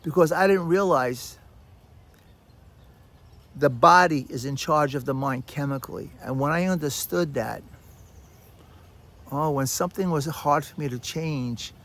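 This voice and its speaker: A man hosting a podcast, telling stories in a loose, animated self-help monologue that repeats phrases and talks straight to the listener. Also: medium pitch, creaky. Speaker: podcast host.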